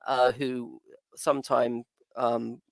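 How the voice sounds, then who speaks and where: A man's voice: medium pitch, flat delivery, slow, vocal fry, no room sound. A man co-hosting a podcast in casual chat, jokey and often trailing off mid-sentence. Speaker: podcast co-host.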